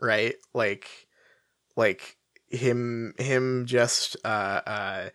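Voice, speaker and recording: A podcast co-host rambles through a casual conversation, stacking fillers and swearing freely. The voice is mid-pitched and sits close to a dry, deadened mic. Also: fairly even intonation, extremely slow, a bit bright, no echo. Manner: rambling, frequent fillers, profane. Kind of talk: casual chat.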